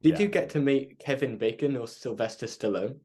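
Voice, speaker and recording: A man's voice: medium pitch, moderate pace, a little mellow, husky. Guy host asking questions, medium voice, friendly and brief. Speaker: interviewer host. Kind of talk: interview questions.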